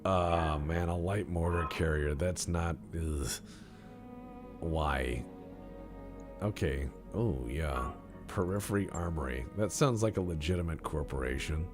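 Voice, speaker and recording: A man's voice: deep voice, a little slow, over music. A man streaming a game and talking casually, rambling in a joking, mock-serious way.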